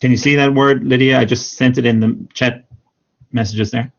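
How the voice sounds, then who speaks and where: A man teaching English online, giving patient, encouraging feedback to students and repeating corrections slowly. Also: mid-range voice, steady tone, creaky. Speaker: English speaking teacher, former exam examiner. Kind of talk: live-streamed speaking feedback. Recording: dull lo-fi stream audio.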